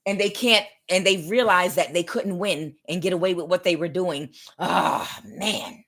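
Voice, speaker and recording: A woman with a fairly low, fairly bright voice speaks a bit slowly while giving a live tarot reading. She addresses her viewers directly, rambling, repeating herself, and often starting her sentences over.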